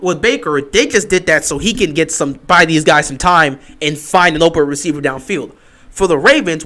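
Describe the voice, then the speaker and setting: A man hosting a fan livestream, talking over a live football game, repeating his points insistently and swinging between excited outbursts and flat, deflated stretches. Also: high voice. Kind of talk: live game watch-along commentary.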